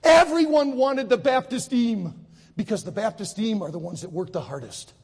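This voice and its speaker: A man preaching a sermon to high school students, telling a story with lively acted voices. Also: moderate pace, vocal fry, breathy edge, big-room sound. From United States. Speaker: Baptist preacher.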